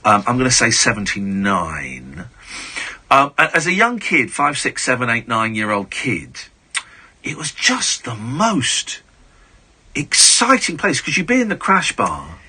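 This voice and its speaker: A man, a radio host telling stories in a casual, animated and gushing way. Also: medium pitch, measured pace, husky. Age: 40s. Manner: animated, gushing, full of restarts. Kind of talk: casual chat, storytelling.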